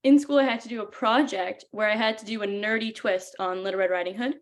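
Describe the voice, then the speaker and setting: A woman's voice: mid-range voice, fairly even intonation, fast. A woman hosting an interview and chatting in an enthusiastic, casual way. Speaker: host.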